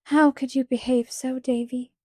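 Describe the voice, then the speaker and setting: A woman voicing a gentle, imaginative young schoolteacher who speaks sorrowfully and earnestly. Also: sits high, flat delivery, moderate pace, dry recording, clean studio sound, voice pushed up.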